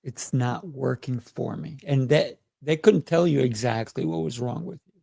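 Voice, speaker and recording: A man's voice: mid-range voice, expressive, normal speed, creaky, mellow, dry recording, clean studio sound. A man hosting an interview, enthusiastic and affirming, often restarting his phrases. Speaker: host. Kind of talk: casual interview.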